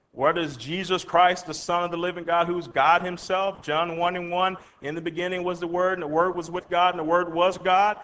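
A man's voice: a little high, fairly bright tone. A man preaching a sermon, reading scripture aloud and explaining it plainly with rhetorical questions. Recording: long hall reverb.

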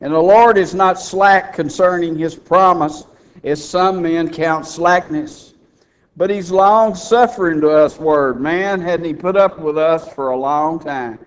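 A man preaching a radio sermon in a folksy, emphatic way, rising to loud fervent peaks. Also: a little high, unhurried, clear, resonant tone.

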